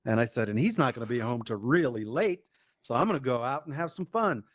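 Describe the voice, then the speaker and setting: A man doing stand-up comedy, telling a story in a lively, profane way and acting out the voices of the people in it. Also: medium pitch, a little fast, lo-fi sound. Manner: animated, profane, acts out quoted voices.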